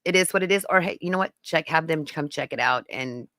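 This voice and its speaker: A woman's voice: low-pitched, quick pace, sharp tone, dry recording. A woman hosting a podcast live stream, talking casually and rambling to viewers in the chat. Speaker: podcast host.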